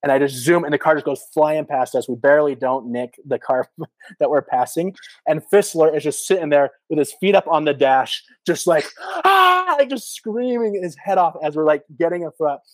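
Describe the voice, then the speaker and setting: A former missionary in his thirties, appearing as a podcast guest, tells a casual story in a fairly high, slightly fast voice packed with "like" fillers and acted-out quotes. He's an animated storyteller. The audio is poor and dry, with no room sound.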